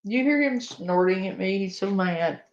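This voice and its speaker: A woman's voice: mid-range voice, animated, normal speed, lo-fi sound. A woman hosting a live stream, chatting casually and playfully scolding her pet. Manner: playful, talks to her pet while reacting. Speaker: stream host.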